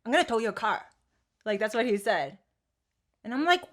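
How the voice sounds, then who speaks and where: A young woman co-hosts a podcast and tells a story in loose, casual chat. She is animated, drops swear words freely and piles up fillers and restarts as she goes. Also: on the high side, moderate pace, long pauses. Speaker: podcast co-host.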